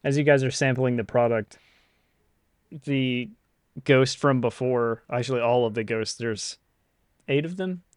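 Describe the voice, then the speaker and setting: A man narrating a tabletop game as game master, in a relaxed, halting way with fillers. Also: mid-range voice, clear, resonant tone, no echo, studio quality.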